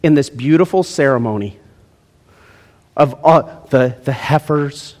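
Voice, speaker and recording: A male pastor preaching a lively, jokey sermon in a church, swinging between loud and hushed. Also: medium pitch, unhurried, big-room sound. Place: church sanctuary.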